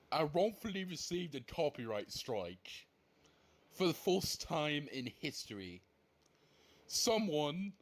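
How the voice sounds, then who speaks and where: A man delivering an angry, repetitive video rant, swearing and shouting at those he blames. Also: fairly high pitch. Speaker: online ranter.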